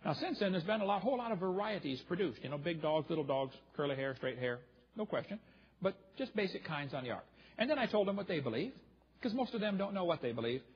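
Folksy male preacher, husky slightly high voice, jokey storyteller, muffled lo-fi recording. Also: big pitch swings, fast. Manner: joking, folksy, acts out dialogue in quotes. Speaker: creationist preacher.

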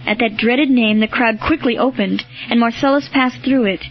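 A woman narrating a storybook in a measured, even way. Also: on the high side. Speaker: audiobook narrator. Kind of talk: scripted narration. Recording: dull lo-fi with faint music.

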